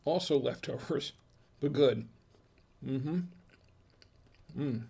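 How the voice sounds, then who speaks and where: A man's voice: medium pitch, slow pace, vocal fry, mellow, breathy edge. An American man hosting a casual wine tasting, chatty and folksy, murmuring as he samples food and wine. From United States. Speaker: wine review host.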